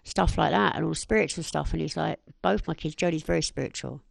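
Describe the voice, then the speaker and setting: A woman's voice: deep voice, fairly quick, gravelly, no room sound. A woman, a podcast guest talking bluntly and animatedly, acting out what others said. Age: 40s. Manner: blunt and animated, acts out quoted speech. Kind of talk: candid interview chat.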